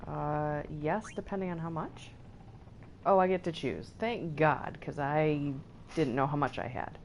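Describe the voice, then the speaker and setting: A woman's voice: low voice, measured pace, a little hiss or hum. A woman streamer giving chatty, giggly commentary while playing a video game, talking back to the characters on screen. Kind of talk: casual let's-play commentary.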